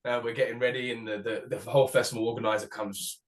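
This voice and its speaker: A musician being interviewed, talking casually with many restarts and the odd swear word. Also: male voice, medium pitch, level tone, fast. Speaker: musician guest.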